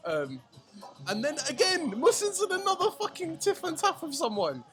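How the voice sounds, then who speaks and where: A young man, telling a night-out story in casual podcast chat, animated, slangy and swearing. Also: very high-pitched, normal speed. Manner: animated, swearing, slangy, acts out friends' lines. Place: shisha lounge. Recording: music playing behind.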